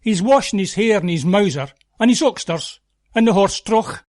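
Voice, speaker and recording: A man with a Scottish accent voicing a dapper, easygoing male farm foreman who gossips in a chatty, relaxed way. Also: high-pitched, normal speed, voice pushed up. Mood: gossipy.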